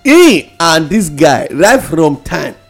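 A man's voice: fairly high pitch, very animated, takes it slowly, fairly bright tone, faint music behind. A man with a Nigerian accent co-hosting a talk show, chatty and chuckling in casual banter. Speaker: co-host.

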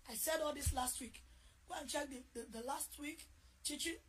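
A woman's voice: high-pitched, moderate pace. Emphatic Nigerian woman preaching. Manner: emphatic, repeats key phrases, shouts for emphasis. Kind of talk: sermon.

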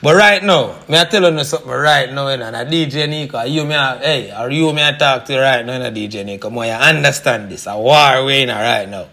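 A man's voice: medium pitch, a little fast, gravelly, few pauses, bright, forceful tone. A man putting on a Jamaican patois accent to play a pushy, chatty sales promoter. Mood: salesy. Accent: put-on Jamaican patois. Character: male pitchman in a put-on Jamaican voice.

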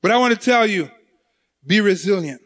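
A man preaches with a very high voice, acting his sermon out like a story. He stumbles over repeated words, then climbs into shouts or sinks very low. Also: expressive, normal speed. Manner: voice rises to shouts and drops very low.

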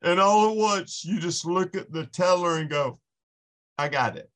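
Man, raised voice pitch, podcast guest, earnest faith testimony, stop-start storytelling. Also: moderate pace. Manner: earnest storytelling with many restarts.

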